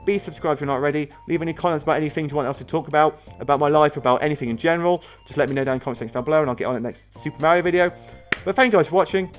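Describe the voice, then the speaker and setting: A man's voice: fairly high pitch, racing. Young man, rambling chatty gameplay commentary, lots of fillers, faint music underneath. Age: young adult. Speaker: gaming video host. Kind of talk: casual let's-play commentary.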